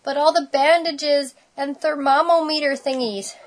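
A woman's voice: a little high, animated, normal speed, fairly bright tone. A woman voicing a young boy kitten, anxious and curious, with a whiny pleading voice, reading a storybook aloud. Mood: worried.

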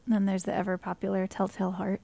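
A woman's voice: medium pitch, monotone, quick pace, creaky, dark tone. A woman interviewing a guest casually, asking curious open questions.

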